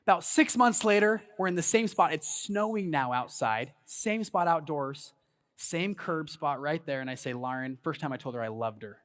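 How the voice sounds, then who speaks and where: High-voiced animated man telling a story on stage. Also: moderate pace. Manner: storytelling, animated, hypes the crowd. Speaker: conference speaker. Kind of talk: motivational stage talk. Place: large event hall on stage.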